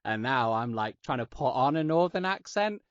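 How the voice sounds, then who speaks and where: Hosting a laid-back podcast interview, a man from Yorkshire talks with a lively mid-range voice at a moderate pace. His accent is neutral English with a faint Northern edge, and his manner is chatty, jokey, and self-mocking. The recording is dry, dull, and lo-fi.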